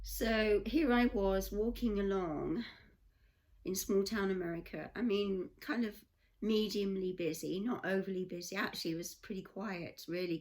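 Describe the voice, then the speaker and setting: A woman's voice: medium pitch, a little mellow. An English woman vlogger telling a rambling personal story in a chatty way, full of asides. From England. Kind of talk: casual storytelling.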